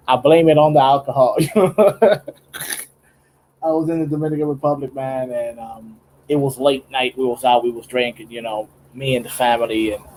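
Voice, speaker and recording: This young man has a mellow, medium-pitched voice, recorded at low quality with slight background noise. As a streamer in his home studio late at night, he casually chats while drawing, laughing often, rambling, restarting many times, and talking slangily.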